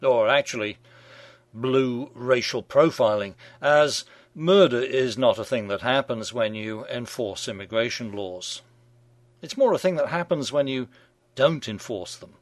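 A man's voice: medium pitch, unhurried, no echo. A middle-aged man hosting a radio show, reading scripted satirical commentary in a wry, mock-genial manner.

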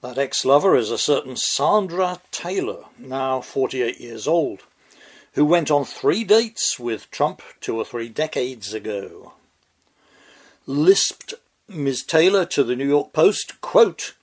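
A man reads out satirical commentary in a dry, sardonic tone. He speaks slowly and deliberately. His pitch climbs and dips widely for emphasis, in a voice a little higher than most men's. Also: very animated. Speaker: commentary host.

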